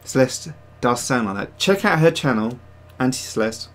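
A man's voice: mid-range voice, expressive, normal speed, fairly bright tone. A man hosting a casual livestream, chatting to viewers in a rambling way with many fillers and restarts. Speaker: livestream host and digital sculptor.

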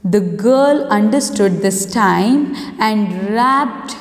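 A woman's voice: medium pitch, expressive. A woman teacher with an Indian English accent, reading a story aloud in an online class and stopping to explain words. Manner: reads aloud slowly, stops to explain words. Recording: echoey room with long reverb.

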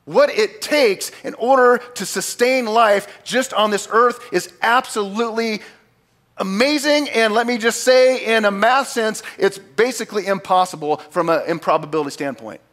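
A man preaching a sermon as pastor, talking casually to his congregation and acting out quoted lines with big jumps in pitch and loudness. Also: moderate pace. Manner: animated, acts out God's lines with big swings in pitch and volume; conversational asides to the congregation.

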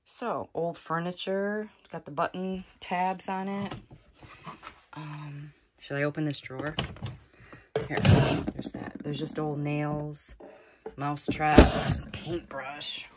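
A woman's voice: sits low, fairly even intonation, slow, very noisy. A woman vlogging as she explores an abandoned cabin attic, nervous and exclaiming, talking to her viewers and to the animals she finds. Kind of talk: hushed exploring vlog.

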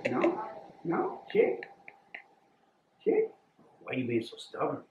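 Man coaxing a dog, slow talk, very lively pitch, roomy home recording. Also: recorded from a distance. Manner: coaxing, talks to the dogs. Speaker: vlog host's husband. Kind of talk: casual home chat. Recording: roomy home audio with faint background noise.

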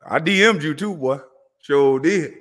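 A man's voice: a little high, measured pace, a bit bright. A man, ranting to the camera in a taunting, profane way and laughing between lines. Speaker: vlogger. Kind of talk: confrontational rant to camera.

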